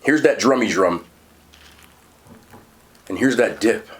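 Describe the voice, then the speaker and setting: Chatty man reviewing fast food. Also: on the low side, slight background noise. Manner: chatty, animated, talks while eating. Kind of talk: casual food review vlog.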